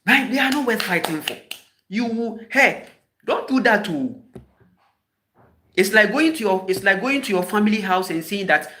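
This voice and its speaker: A man's voice: high-pitched, a little fast, a little hiss or hum. Scolding Ghanaian man, fiery rhetorical questions. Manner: scolding, emphatic, repeats sharp rhetorical questions. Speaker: spiritual teacher. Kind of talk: impassioned spoken address.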